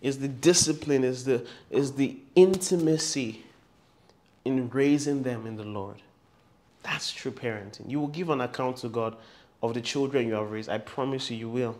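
Emphatic pastor preaching. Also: male voice, mid-range voice, moderate pace, darkish tone. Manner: emphatic and repetitive, with humorous storytelling asides. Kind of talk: sermon.

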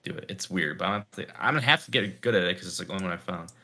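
Bright-voiced young man rambling casually. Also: deep voice, expressive, racing, creaky. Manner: rambling, heavy use of "like", thinks aloud. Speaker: podcast co-host. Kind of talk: casual chat.

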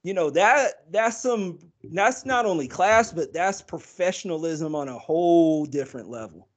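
High-voiced man rambling in casual chat. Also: animated, normal speed. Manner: rambling, lots of fillers, restarts. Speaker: podcast co-host.

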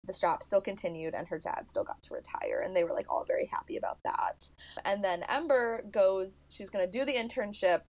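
Lively young woman recapping a movie. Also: medium pitch, a little fast. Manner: animated storytelling, many "like" fillers, laughs often. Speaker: podcast co-host. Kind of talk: casual movie recap chat.

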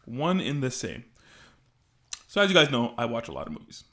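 A young man co-hosting a podcast, telling a work story in a rambling, animated way with frequent restarts. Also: medium pitch, moderate pace, creaky. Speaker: podcast co-host. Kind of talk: casual storytelling chat.

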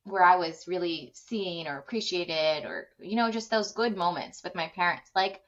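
A woman's voice: fairly low pitch, normal speed, fairly bright tone. A woman hosting a parenting podcast interview, talking in an earnest, effusive way with many fillers. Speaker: podcast host. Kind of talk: conversational interview. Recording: dull lo-fi sound.

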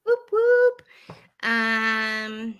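A woman's voice: a little high, very animated, drawn-out words, a bit bright, smooth. A woman from the US South co-hosting a casual podcast chat, giggly and laughing often. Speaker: podcast co-host.

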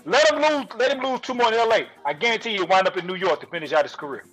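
High, husky-voiced man arguing basketball. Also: expressive, very fast, poor audio. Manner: loud, emphatic, trash-talking. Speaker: podcast co-host. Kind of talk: heated sports debate.

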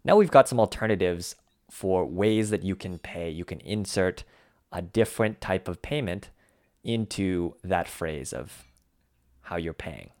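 A man with a deep voice co-hosts a language lesson podcast in a casual, easygoing way. He explains words with relaxed, musing asides. His voice sounds dry and close, with no room echo. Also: a little slow. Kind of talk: casual teaching banter.

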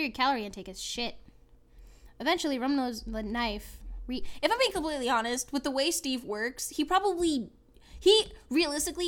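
A young woman with a high voice co-hosts a casual podcast. She reads fanfiction aloud and rambles crudely between passages. She slips into animated impressions as she goes. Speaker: podcast co-host. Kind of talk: casual chat reading fanfiction.

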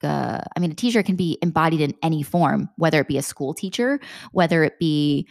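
Young mom coach woman, low voice, dry close sound, earnest and a bit sweary. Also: animated, fairly quick, gravelly, dry recording. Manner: earnest, repeats questions, casual swearing. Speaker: mindset coach for mothers. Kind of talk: motivational talk.

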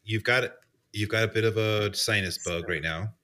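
A man chatting casually on a podcast, his voice low but bright, tossing off quick jokes between laughs. He keeps things light and playful. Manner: joking, laughs often, quick asides. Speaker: podcast co-host. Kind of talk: casual chat.

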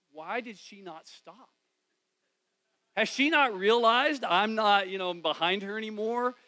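A man preaching in church as a pastor, telling a personal story in a conversational way that swings from loud to hushed. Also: high voice, low-quality recording. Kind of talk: storytelling sermon.

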